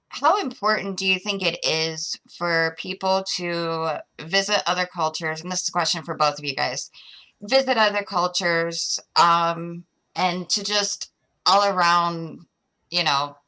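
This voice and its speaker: A woman's voice: on the low side, sharp tone, smooth. A woman hosting a talk show, reading out the chat and asking her guests questions. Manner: friendly, asks questions, reads chat. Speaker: host. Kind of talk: casual chat, interviewing.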